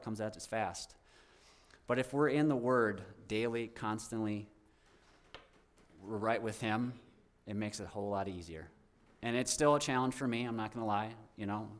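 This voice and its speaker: A young man giving an informal, heartfelt testimony to a church congregation as a guest speaker, rambling with many restarts. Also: lowish voice.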